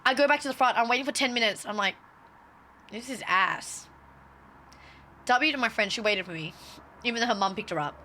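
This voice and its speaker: A young woman tells a story on her stream in a high, bright voice. She is animated and swears freely, and she slips into the people she quotes. It sounds like casual chat with her viewers. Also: rapid-fire, a little hiss or hum.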